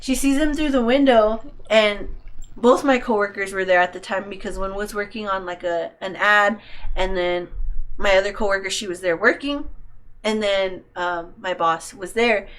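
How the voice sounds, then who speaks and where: A woman's voice: medium pitch, normal speed, fairly bright tone. Young woman telling a rambling story. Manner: rambling, profane, heavy on "like". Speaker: podcast co-host. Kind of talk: casual storytelling.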